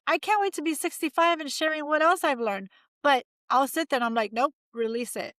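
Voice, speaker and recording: A woman's voice: high-pitched, animated, brisk, fairly bright tone, no room sound. A woman in her forties, a mindset coach talking as a guest in an upbeat, emphatic, motivational way. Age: 40s. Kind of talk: casual interview chat.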